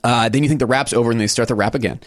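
A man's voice: mid-range voice, steady tone, racing, dry recording, clean studio sound. A man in casual podcast chat, animatedly telling a funny story and briefly mimicking the people in it.

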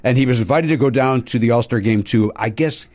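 A man's voice: mid-range voice, fairly quick, darkish tone. A man hosting a comedy podcast, telling rambling anecdotes full of fillers and restarts. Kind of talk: casual chat, telling anecdotes.

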